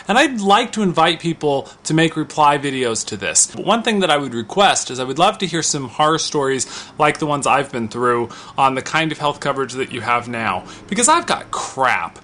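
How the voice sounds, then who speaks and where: Outspoken man in his thirties, slightly high voice. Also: very animated, moderate pace, hardly any pauses, pushed and bright. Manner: vocal, outspoken and impassioned; conversational with restarts. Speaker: vlogger. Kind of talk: opinion vlog monologue.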